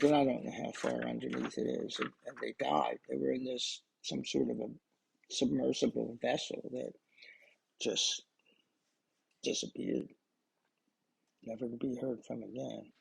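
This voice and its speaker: Very gravelly, husky older man. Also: mid-range voice, flat delivery, moderate pace, long pauses, a little mellow, rough recording. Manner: rambling, with frequent restarts and asides. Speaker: storyteller recording memories for his grandchildren. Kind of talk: casual personal storytelling.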